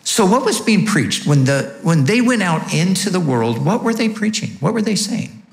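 A male pastor delivering a sermon with emphatic, teaching cadence, often pausing on rhetorical questions. His voice sits a little higher than most men's. The sound carries a noticeable room echo. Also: big pitch swings, gravelly.

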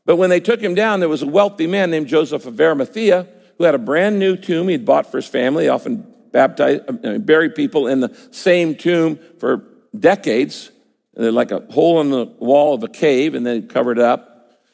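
A man's voice: on the high side, normal speed, creaky, a little mellow. A man preaching a sermon, emphatic and conversational, often acting out his listeners' imagined words. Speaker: pastor. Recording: long hall reverb.

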